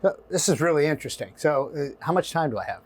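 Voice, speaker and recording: A middle-aged man telling a story in an interview, animated and acting out voices and asides. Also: on the high side, fast talker, breathy edge. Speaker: guest.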